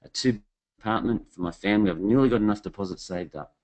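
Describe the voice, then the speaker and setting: A man's voice: fairly low pitch, fast talker, a little mellow, pitched below the performer's own voice, close to an everyday voice. A man voicing a cheerful, hardworking taxi driver who talks in an eager, upbeat way.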